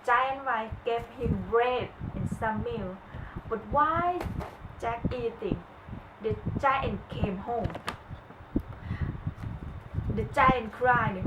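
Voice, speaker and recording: Slow, careful woman storyteller. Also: on the high side. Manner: slow, careful reading with small restarts. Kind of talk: read-aloud children's story. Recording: echoey room with noise.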